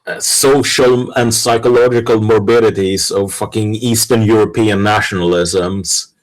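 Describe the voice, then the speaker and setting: A man talking casually on a podcast panel, blunt and profane, telling jokes in quick bursts. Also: fairly low pitch, steady tone, rough recording.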